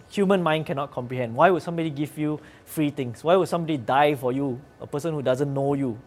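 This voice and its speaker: A man's voice: a little high, darkish tone. Earnest male preacher. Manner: earnest, conversational preaching with fillers. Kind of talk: sermon.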